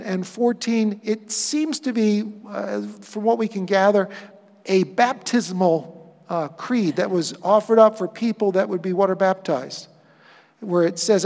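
A man preaching a sermon as pastor, with dynamic delivery that swings from loud emphasis to hushed asides. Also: sits high, in a large hall.

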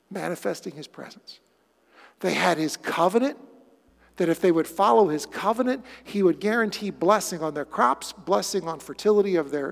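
A male pastor preaching a sermon in an animated way, with sarcastic asides. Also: high-pitched. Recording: long hall reverb.

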